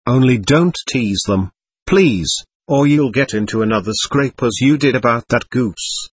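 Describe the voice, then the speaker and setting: A man's voice: mid-range voice, a little slow, husky, no echo. A man voicing a timid young schoolboy who speaks anxiously and cautiously.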